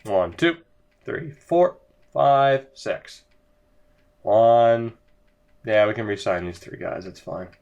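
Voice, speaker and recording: A man's voice: fairly low pitch, big pitch swings, slow pace, long pauses, darkish tone. A young man giving sarcastic, exasperated commentary over a hockey video game as he plays. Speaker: gaming video creator. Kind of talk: let's-play commentary.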